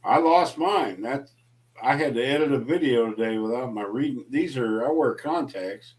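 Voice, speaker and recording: A man's voice: medium pitch, moderate pace, darkish tone. A man chatting as a guest on a late-night livestream, joking and ribbing the host. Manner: joking, teasing, playful. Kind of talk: casual late-night chat.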